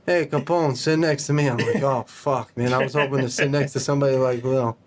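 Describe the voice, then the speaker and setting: This man is a podcast guest spinning an anecdote in casual talk. He swears freely and slips into the voices of the people he quotes. His pitch sits in an ordinary middle range. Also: brisk. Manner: animated, profane, acts out dialogue. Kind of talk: casual storytelling.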